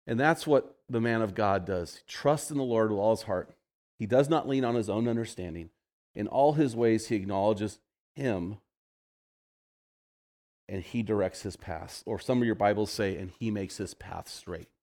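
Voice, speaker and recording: A man's voice: lowish voice, normal speed, darkish tone. A man in his fifties, a pastor telling a story in a conversational sermon to a men's group, repeating phrases for emphasis.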